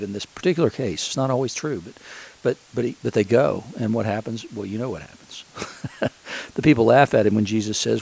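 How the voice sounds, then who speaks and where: A male pastor delivering a sermon in a low, gravelly voice with a husky edge. He tells the story in a loose, conversational way and keeps stopping to restart his sentences. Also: a little fast, a little mellow, poor audio.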